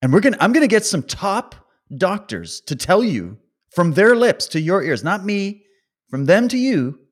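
A man's voice: sits high, very animated, normal speed. A man giving a casual, rambling opinion monologue, ranting and sarcastic, with many fillers and restarts. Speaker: vlogger.

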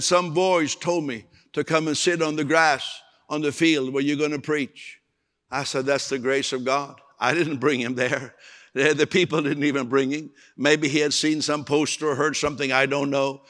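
A man's voice: fairly high pitch, a bit bright. A male preacher delivering a sermon, telling stories and acting out the voices of people in them. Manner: storytelling, acts out quoted voices. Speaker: evangelist preacher. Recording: long hall reverb.

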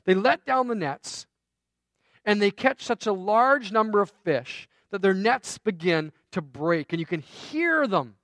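A man's voice: high voice, animated, a little slow, a bit bright, dry recording. A man preaching a sermon, telling a story in a conversational way with self-deprecating asides. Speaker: pastor.

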